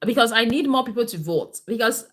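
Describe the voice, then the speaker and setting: A woman's voice: a little high, animated, brisk, fairly bright tone. A woman, a nurse and midwife, hosting a casual live health stream, chatty and repeating herself as she answers viewer comments.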